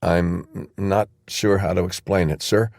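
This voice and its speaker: A man voicing a battle-worn male soldier and team leader who speaks in a measured, understated way. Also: deep voice, fairly even intonation, vocal fry, darkish tone, dry recording, clean studio sound.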